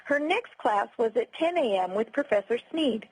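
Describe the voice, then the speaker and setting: A woman giving a scripted customer service training lecture in a clear, instructive, evenly paced way. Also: fairly high pitch, expressive, normal speed, darkish tone, no room sound, low-quality recording.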